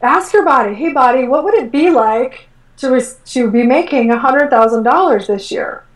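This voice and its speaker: Speaking at a moderate pace, a woman guest who does energy work coaching animatedly recounts stories in a casual interview, quoting herself dramatically and filling gaps with "like" and "um." Her voice is fairly high and sounds far from the mic, bouncing around an echoey room.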